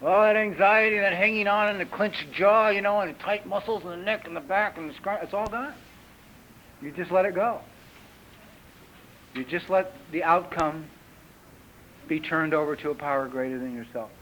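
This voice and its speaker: A man in his fifties, a recovery meeting speaker, gives a personal talk full of lively storytelling and acted-out characters, on an old 1980s tape recording. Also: high-pitched, moderate pace. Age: 50s. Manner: lively storyteller who acts out characters in raised voices. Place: retreat meeting hall. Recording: dull lo-fi 1980s tape recording with faint hiss.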